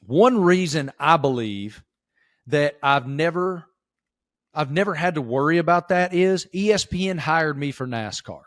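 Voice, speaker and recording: A man's voice: on the high side, expressive, unhurried, fairly bright tone, no echo, clean studio sound. A man with a Southern Appalachian accent, from rural Virginia, talking as an interview guest in an emphatic, folksy way. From Giles County, Virginia. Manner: emphatic, folksy, calls host "bro" and "dude". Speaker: sports reporter, guest. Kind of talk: casual interview chat.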